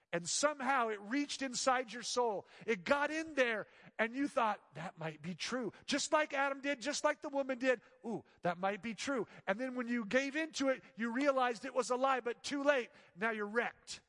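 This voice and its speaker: A man preaching a sermon as pastor, swinging between loud emphatic lines and hushed soft ones. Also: very high-pitched, long reverb tail.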